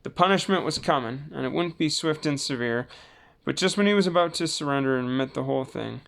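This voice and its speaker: A man reading a children's book aloud in a relaxed way, with small slips and self-corrections. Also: fairly high pitch, fast talker, vocal fry. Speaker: storybook reader.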